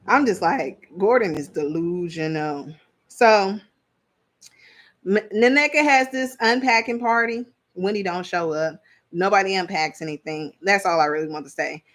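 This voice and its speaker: A woman's voice: fairly low pitch, a little slow, pauses often. Blunt, chatty woman reviewing reality TV. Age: adult parent. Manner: chatty, blunt, laughs often, trails off searching for names. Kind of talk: casual commentary.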